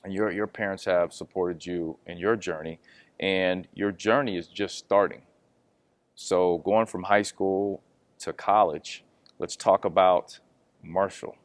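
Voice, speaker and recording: A man's voice: low-pitched, fairly even intonation, measured pace, no echo. A man hosting an interview, asking encouraging, conversational questions about a young athlete's path. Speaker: interview host.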